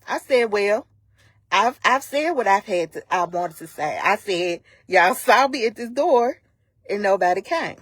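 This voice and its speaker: A woman's voice: medium pitch, measured pace, no room sound. A woman on a live stream, emphatically retelling an incident in casual storytelling and acting out the dialogue. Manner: animated, emphatic, acts out quoted dialogue. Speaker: vlogger retelling a personal incident. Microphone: phone on a live stream.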